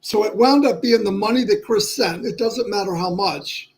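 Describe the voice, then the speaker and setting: A man in his sixties talking candidly to his livestream viewers, halting and restarting often. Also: high voice, low-quality recording. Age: 60s. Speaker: livestream host. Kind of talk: personal talk to viewers.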